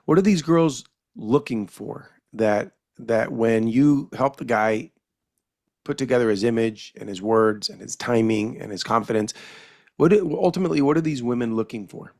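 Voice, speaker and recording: A man's voice: mid-range voice, moderate pace, a little mellow. A man hosting a podcast, interviewing a guest with long, rambling questions. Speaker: podcast host.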